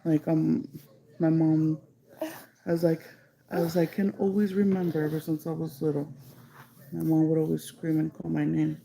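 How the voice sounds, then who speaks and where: Gravelly, dark-voiced woman rambling. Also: low voice, little pitch movement, low-quality recording. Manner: rambling, heavy use of "like", slips into Spanish; stretches some phrases out slowly when stressing them. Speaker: livestreamer telling a ghost story. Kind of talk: casual storytelling on a livestream.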